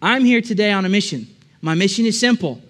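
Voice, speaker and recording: A man with a high, brisk, somewhat bright voice preaches a sermon in a church with a balcony. He tells a story casually before building to emphatic, repeated lines.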